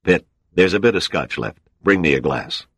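A gruff older admiral, commanding yet fatherly, read by a very deep-voiced male narrator. The tone is only slightly raised from the narration. The recording is dry and close. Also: lively intonation, moderate pace, fairly bright tone, no echo, exaggerated voice.

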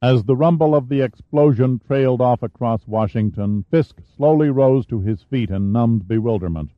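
A man reading a thriller audiobook in a steady, measured narration. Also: medium pitch, no room sound. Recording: dull dry studio recording.

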